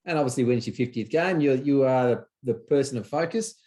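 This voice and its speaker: A man hosting a casual chat, telling his side of a story in an emphatic, excited way and repeating himself. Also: medium pitch, quick pace. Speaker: podcast host.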